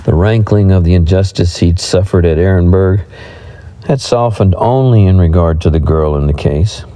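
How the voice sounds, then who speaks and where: Man reading a western audiobook, very dark and mellow, deep voice, measured. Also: rough recording. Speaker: audiobook narrator.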